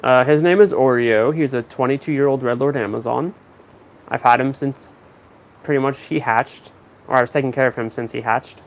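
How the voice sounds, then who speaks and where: A man's voice: medium pitch, moderate pace, low-quality recording. A young man chatting casually at home as a vlogger, laid-back, sometimes spelling words out letter by letter. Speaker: vlogger and parrot owner. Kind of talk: casual chat to camera.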